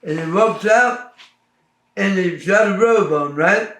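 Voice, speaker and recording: A man with a somewhat high voice tells folksy stories in a relaxed interview. Short "right" replies fill the gaps, and the room gives an echo. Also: slow pace. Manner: folksy storytelling, frequent "right" acknowledgements. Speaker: wrestling veteran interviewed. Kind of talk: casual shoot interview.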